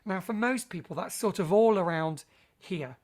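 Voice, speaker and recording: A man's voice: high voice, animated, moderate pace, a little mellow. Playful man coaching voice care. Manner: chatty, playful and demonstrative, with theatrical asides. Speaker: vocal health trainer for teachers. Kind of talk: online workshop teaching.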